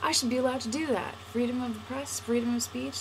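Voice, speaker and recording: A woman's voice: on the high side, steady tone, fast talker, vocal fry, noisy background. Sarcastic young woman vlogging. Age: young adult. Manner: playful, sarcastic, jokey. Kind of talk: casual vlog monologue.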